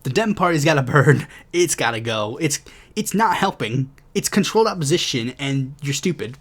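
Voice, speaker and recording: A young man rants through his political commentary, swearing freely and dripping with sarcasm. His voice sits a little high for a man and swings widely in pitch as he goes. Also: animated, moderate pace, a bit bright. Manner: ranting, profane, sarcastic. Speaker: podcast host.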